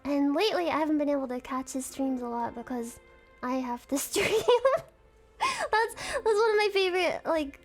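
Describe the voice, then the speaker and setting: Very high-voiced giggly woman streamer. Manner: giggly, rambling, self-conscious fangirling. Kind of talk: casual live-stream chat.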